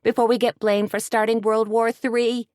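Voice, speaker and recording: A woman reading an audiobook voices a brash, wisecracking woman who talks in slang and gets loud when excited. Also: fairly high pitch, moderate pace, dry recording, studio quality, pitched above the performer's own voice, close to an everyday voice.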